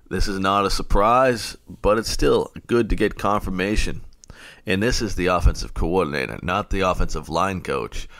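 A man's voice: on the low side, fairly bright tone. A man hosting a late-night fantasy football radio show, ranting and getting fired up.

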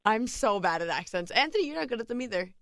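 A woman co-hosting a show in casual chat, giggly and excitable. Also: fairly high pitch, fast, over a noisy crowd. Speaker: podcast co-host.

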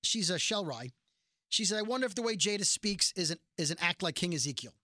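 A man's voice: sits high, fast, no room sound, clean studio sound. A man co-hosting a casual podcast, recapping episodes and acting out lines from scenes. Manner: animated storyteller, acts out quotes. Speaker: podcast co-host recapping a TV show. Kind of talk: casual chat.

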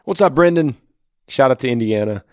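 In a mid-range voice, a man speaks briskly and animatedly, with studio-quality sound and no room sound. He hosts a podcast fielding listener questions, giving sincere, encouraging faith-based advice and repeating key phrases for emphasis.

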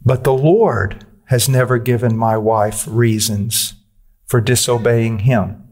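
A man's voice: medium pitch, fairly even intonation, takes it slowly, a little mellow. A man preaching a sermon, earnest and direct, pressing his listeners with questions and using blunt, dry humor.

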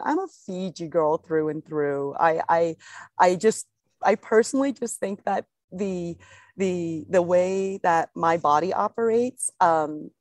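A woman's voice: lowish voice, dry recording. A young woman, a pro golfer co-hosting a podcast, chatting casually in a rambling, easygoing way with frequent laughs.

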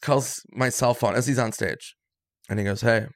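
A man's voice: medium pitch, normal speed, no room sound, studio quality. A man telling stories in a casual chat, acting out what people said. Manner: animated storyteller acting out quotes. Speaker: guest comedian. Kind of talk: casual storytelling.

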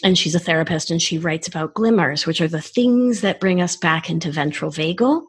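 A woman in her forties, a wellness expert talking in a casual podcast conversation, animated and expressive. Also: on the low side, fairly quick, husky. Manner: animated, acts out child voices in quotes.

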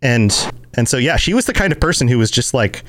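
A man's voice: medium pitch, very animated, a little fast, a bit bright, slight background noise. A man hosting a casual game chat, rambling with frequent laughs and restarts. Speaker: podcast host. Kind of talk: casual chat about video games.

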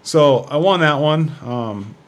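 A man's voice: fairly high pitch, animated, takes it slowly. A man, a former fighter, telling a story as a podcast guest in a loose, rambling way with lots of fillers and restarts. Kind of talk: casual storytelling chat.

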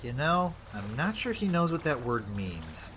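Wry male player, animated pitch, noisy recording. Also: unhurried. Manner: wry, joking. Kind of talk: casual tabletop game chat.

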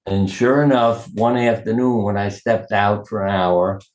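An older man, a guest in an interview, telling personal stories in a warm, anecdotal way and chuckling at them. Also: on the low side, fairly even intonation, measured pace. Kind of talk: storytelling in conversation. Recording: roomy echo.

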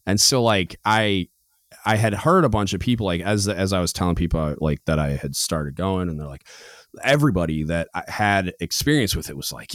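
A man's voice: deep voice, lively intonation, moderate pace, no echo, clean studio sound. A young man hosting a podcast in casual chat, rambling with lots of "like" and "dude". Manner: rambling, filler-heavy, says "like" and "dude" a lot. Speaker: podcast host. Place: home podcast studio.

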